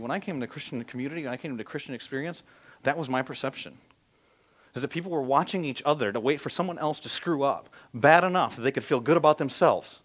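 A man in his thirties preaching a sermon as pastor, telling stories with animated swings from quiet to loud. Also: medium pitch.

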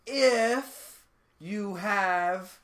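A man's voice: high voice, extremely slow. A man co-hosting a podcast, chatting casually with jokes and swearing while drinking beer. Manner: joking, swearing, lively storytelling. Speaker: podcast co-host. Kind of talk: casual chat.

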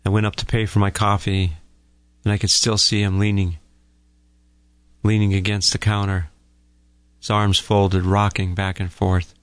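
A middle-aged man, a couples therapist, hosts a radio talk segment and tells a personal story in a calm, folksy way to listeners he calls folks. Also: on the low side, unhurried, pauses often, no echo.

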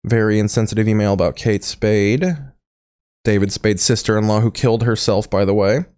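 A man's voice: on the low side, steady tone, normal speed, darkish tone, clean tone, no echo. A man riffing as a comedy host in a crude, sarcastic tone, dropping swears freely. His voice is dry and close, with no room sound around it. The delivery is loose and mocking.

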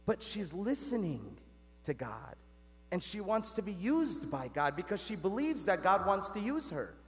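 Priest with a high, lively voice in a church. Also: male voice, unhurried. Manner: earnest, conversational preaching with rhetorical questions; addresses the congregation as "guys". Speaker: Catholic priest. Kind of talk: sermon. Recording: long reverb of a church.

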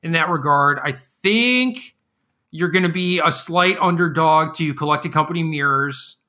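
A man's voice: a little high, unhurried, sharp tone. A man co-hosting a casual card game podcast, talking in a laid-back, rambling way with lots of fillers. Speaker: podcast co-host.

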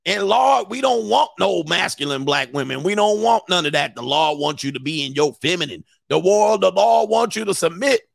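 A hollering preacher scolds his flock in a slow, sing-song pulpit rhythm, voiced by a man. The voice sits high and gravelly, and it is recorded dry and close. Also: lively intonation, no room sound, heavily acted. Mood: preachy shouting. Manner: loud drawn-out preaching cadence.

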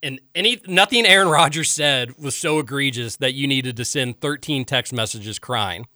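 A man's voice: mid-range voice, no echo, studio quality. A man hosting a talk show, reading listener texts aloud and ranting emphatically in casual chat. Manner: animated, emphatic and quick to rant. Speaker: radio talk show host.

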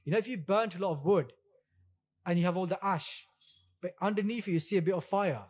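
A man giving a storytelling sermon on scripture, relaxed and conversational, acting out quotes and mixing in Punjabi words. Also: sits high, a little fast, breathy edge. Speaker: religious teacher giving katha.

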